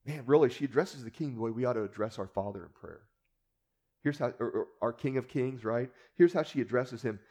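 Mellow-voiced casual preacher. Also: male voice, medium pitch, brisk. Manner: casual storytelling with rhetorical asides. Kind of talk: conversational Bible teaching.

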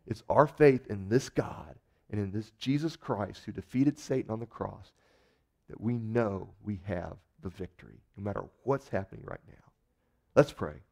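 A male pastor preaching a sermon in a conversational, animated storytelling way, acting out the people in his stories. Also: fairly low pitch, normal speed, creaky.

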